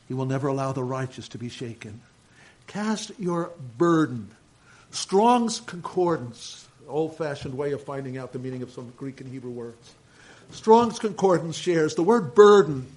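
Animated pastor preaching. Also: male voice, a little high, rough recording. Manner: animated preaching, swings between loud emphasis and quiet asides. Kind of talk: sermon.

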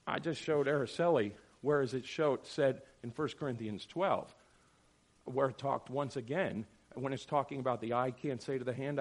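Animated, lively middle-aged man teaching. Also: mid-range voice. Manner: sarcastic, acts out quoted voices. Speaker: Bible study teacher. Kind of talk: animated Bible class teaching.

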